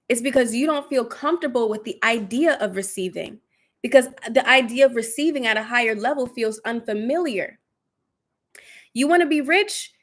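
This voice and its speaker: Soothing woman leading a guided healing session. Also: a little high. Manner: soothing, affirming, repeats phrases; reads out viewer comments. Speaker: spiritual coach. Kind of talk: guided meditation and livestream chat.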